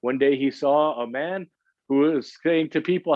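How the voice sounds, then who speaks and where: A man's voice: fairly high pitch, measured pace, no echo. A man giving an emotional religious lecture at a mourning gathering, repeating his phrases and building in intensity. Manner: emotional, repetitive and rising in intensity. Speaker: majlis speaker. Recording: dull lo-fi sound.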